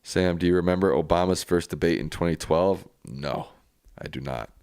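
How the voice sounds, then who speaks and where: A man's voice: low voice, normal speed, darkish tone, clean tone, no room sound, clean studio sound. A man hosting a live stream, reading viewer comments aloud and answering them in a casual, plainspoken way.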